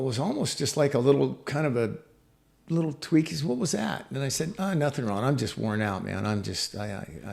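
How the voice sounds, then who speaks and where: A middle-aged man with a gravelly, creaky voice recounts a personal story as a podcast guest. He speaks reflectively, pausing often with fillers and restarting his sentences. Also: mid-range voice.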